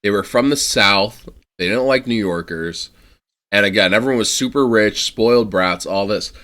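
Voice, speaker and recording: A man co-hosting a podcast in casual chat, animated, laughing often and tripping over his words. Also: lowish voice, normal speed. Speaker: podcast co-host.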